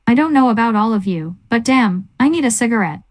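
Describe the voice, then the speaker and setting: A fairly high-pitched woman reads mock interview questions in flat, scripted sarcasm. Her delivery stays deadpan throughout. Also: a little fast. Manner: deadpan, mocking. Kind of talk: scripted satirical narration.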